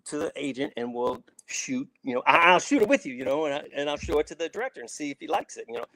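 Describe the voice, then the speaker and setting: A man's voice: a little high, expressive, fast, fairly bright tone, no room sound, poor audio. A middle-aged man from Saint Louis, an actor guest telling rambling stories with many restarts and acted-out quotes. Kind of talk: casual storytelling.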